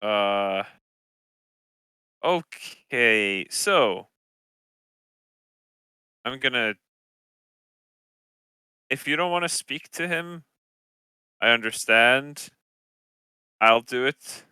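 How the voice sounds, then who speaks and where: A man with a bright, crisp voice takes his time, speaking slowly while playing a tabletop game. He hesitates and fumbles for the right words. The sound is dry and close. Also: medium pitch, expressive, no echo. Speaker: player.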